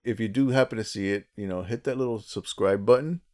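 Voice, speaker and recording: A man's voice: lowish voice, a little fast, darkish tone. A man co-hosting a casual podcast, chatty and jokey, often restarting his sentences. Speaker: podcast co-host.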